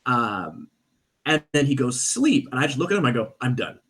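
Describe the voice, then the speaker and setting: A stage performer with a mid-range voice speaks briskly while guesting on a podcast. In casual chat he tells a story, animatedly acting out the voices of its characters.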